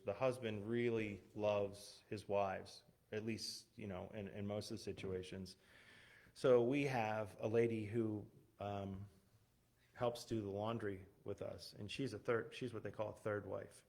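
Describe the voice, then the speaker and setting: Low-voiced man giving a casual church talk. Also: a little mellow. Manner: conversational, many fillers and restarts, laughs at himself. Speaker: missionary pastor, guest speaker. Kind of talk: church talk with personal stories. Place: church, streamed online. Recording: unstable internet stream with glitches.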